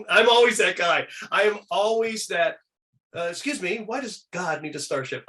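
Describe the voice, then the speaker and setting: A man's voice: high-pitched, lively intonation, a little slow, bright, forceful tone. A middle-aged man, a guest on an interview show, telling anecdotes casually and acting out the people he quotes in shifting voices.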